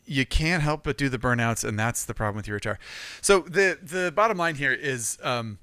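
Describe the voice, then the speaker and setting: A man co-hosting a casual podcast, relaxed and laughing easily while explaining things. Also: mid-range voice, normal speed, smooth, dry recording. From California. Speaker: podcast co-host.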